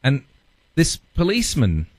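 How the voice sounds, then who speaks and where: A man telling a lively travel story as a guest in a studio interview, laughing often. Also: mid-range voice, measured pace, dry recording. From part Russian heritage. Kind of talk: storytelling anecdote.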